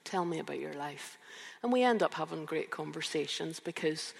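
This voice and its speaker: A woman in her fifties preaching a sermon, reflective and emphatic, with slow rhetorical questions. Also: sits low, creaky, big-room sound. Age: 50s. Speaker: preacher and youth counsellor.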